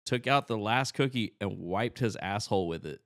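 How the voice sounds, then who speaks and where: A man's voice: fairly low pitch, moderate pace, no room sound, studio quality. A young man, a comedian, telling stories in a casual podcast chat and acting out other people's lines. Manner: animated, acts out other people's lines in the story. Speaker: guest comedian.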